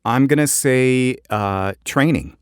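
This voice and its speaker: A man's voice: medium pitch, slow pace, clean tone, no echo, clean studio sound. A man co-hosting a voice-over podcast, chatting casually and joking, with plenty of fillers. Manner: relaxed, joking, many fillers. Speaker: podcast co-host, voice actor. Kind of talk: casual chat.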